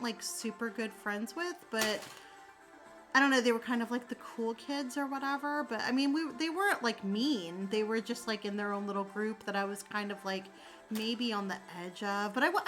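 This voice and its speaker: A woman's voice: fairly high pitch, poor audio. A young adult woman chatting casually with her viewers. She rambles, with many fillers, and answers them sympathetically. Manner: warm, sympathetic toward viewers. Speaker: streamer answering chat. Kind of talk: casual chat.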